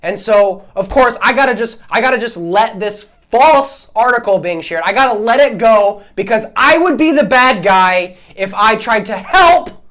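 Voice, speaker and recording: A man hosting a solo podcast, ranting in a heated, exasperated way, his voice swinging between loud outbursts and quieter asides. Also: high-pitched, lively intonation, moderate pace. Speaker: podcast host.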